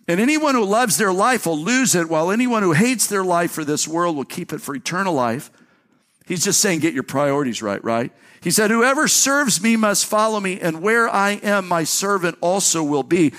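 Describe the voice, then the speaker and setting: A man preaches to his congregation in a church, speaking plainly and conversationally. He often restarts a phrase or repeats a word before moving on, and his pitch climbs when he reads scripture out loud. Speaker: pastor. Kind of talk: sermon with scripture reading. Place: church sanctuary.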